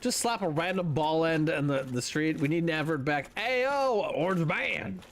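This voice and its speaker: Over slight background noise, a man from North America streams a video game at normal speed, his voice on the high side. He offers casual commentary, thinking out loud and cursing offhandedly as he plays.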